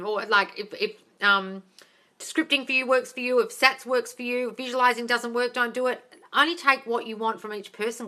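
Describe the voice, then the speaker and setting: An Australian woman with a bright, forceful voice pitched a little high answers questions on a live stream. She is blunt and swears freely, and she calls her viewers darling. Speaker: manifestation coach. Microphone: phone or tablet.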